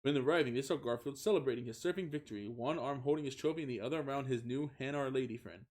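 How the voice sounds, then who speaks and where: A man's voice: medium pitch, quick pace, darkish tone. A young man streaming a comic reading of fan fiction, giggling, stumbling over words and swearing in asides.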